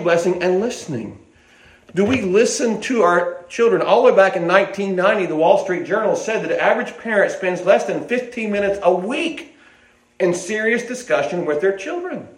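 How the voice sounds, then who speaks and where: An older man preaching a sermon in a folksy, rambling way, with restarts and asides, in an echoey hall. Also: sits high.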